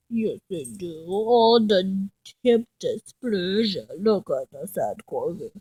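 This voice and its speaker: A woman's voice: mid-range voice, expressive, takes it slowly, dark tone, husky, dry recording, poor audio. A woman at home talking to her dogs in cooing baby talk. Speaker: dog owner.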